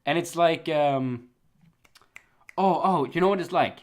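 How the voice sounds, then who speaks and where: A man's voice: on the high side, measured pace. Young man, casual anime rant, laughs often, opinionated, conversational. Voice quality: rants with frequent laughter. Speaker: anime season chart co-host. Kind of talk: casual ranting chat.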